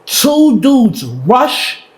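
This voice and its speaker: A woman telling a story with animated energy, laughing and breaking into shouts. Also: a little high, drawn-out words, roomy sound. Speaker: podcast guest.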